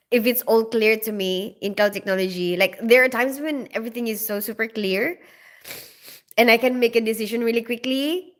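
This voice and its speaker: A woman hosting a live stream talks in a somewhat high voice, loose and chatty as she greets her viewers. She giggles often and answers their questions in an easy, personal way. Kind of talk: casual live-stream chat.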